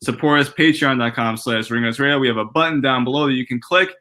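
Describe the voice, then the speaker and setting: A man co-hosting a casual wrestling podcast, teasing his partner and running through the show's plugs in a steady tone. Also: mid-range voice, fast talker. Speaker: podcast co-host.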